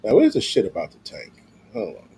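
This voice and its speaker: Husky-voiced guy riffing crude and slangy on stream, lots of filler. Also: lowish voice, huge pitch swings, fairly quick, warm tone. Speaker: streamer commenting on news. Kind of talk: casual profane commentary.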